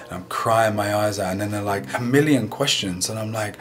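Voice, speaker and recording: A man sharing a personal faith testimony in an earnest, emotional, halting way. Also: lowish voice. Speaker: guest sharing a healing testimony. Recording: music playing underneath.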